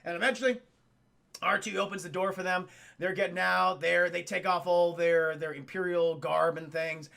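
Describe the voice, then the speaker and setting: A man casually recapping a movie for a live chat, animated, joking and swearing freely. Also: high-pitched, moderate pace, creaky. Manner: animated, profane, jokey. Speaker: streamer.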